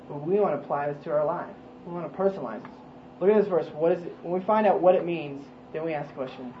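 A man giving an informal Bible lesson to a small group, conversational and full of questions and restarts. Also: a little high. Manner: conversational, asks questions, frequent ums and restarts. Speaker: Bible study teacher. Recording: dull lo-fi recording with faint noise.

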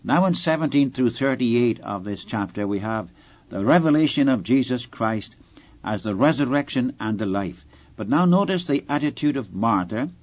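A man delivers an expository sermon, explaining scripture verse by verse. He speaks earnestly and turns often to address the listener directly. His voice sits at a middle pitch, and the recording sounds a little dull and lo-fi. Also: expressive, moderate pace. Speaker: preacher. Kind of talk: Bible-teaching sermon.

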